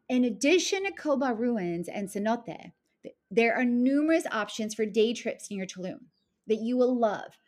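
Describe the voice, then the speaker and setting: A woman travel vlogger running through a numbered list of trips in an upbeat, enthusiastic way, now and then correcting herself. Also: fairly high pitch. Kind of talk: travel list vlog narration.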